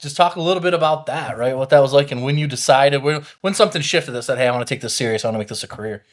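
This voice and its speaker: Fast-talking male podcast co-host. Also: medium pitch. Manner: quick, prompting questions, repeats words. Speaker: podcast co-host, company COO. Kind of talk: casual podcast conversation.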